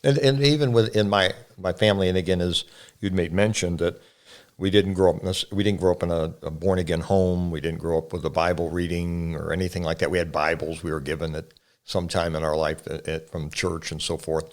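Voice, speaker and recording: Older guy, very deep and gravelly, earnest, reminiscing about the old days. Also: fairly even intonation, a little fast. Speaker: pastor and guest. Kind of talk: casual family conversation.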